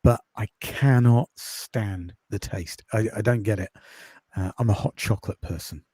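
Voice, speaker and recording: A man from the UK, a podcast host and course creator, chatting in a quiet, calming voice with many ums in a casual interview over a video call. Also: lowish voice, normal speed, breathy edge, no room sound. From United Kingdom.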